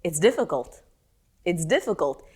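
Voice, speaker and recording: A middle-aged woman teaching a text-study class, animated and questioning her students. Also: lowish voice, moderate pace, husky.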